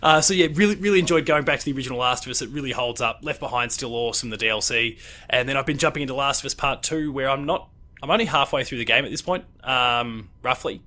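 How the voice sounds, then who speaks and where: Australian male host, bright forceful voice, meandering casual chat full of ums. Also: medium pitch, fast. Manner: rambling, hesitant with many fillers. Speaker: podcast host.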